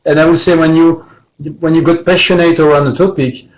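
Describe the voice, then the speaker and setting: A man with a French accent giving a webinar presentation, talking haltingly with many fillers and restarts. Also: a little high, steady tone, low-quality recording. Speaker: guest presenter.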